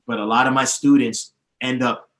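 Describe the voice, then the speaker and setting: A man's mid-range, slightly bright voice holds a steady tone at normal speed. He's a DJ teacher on a podcast as a guest, explaining things at length with confidence and emphasis and listing names and history; the audio is roomy and echoey.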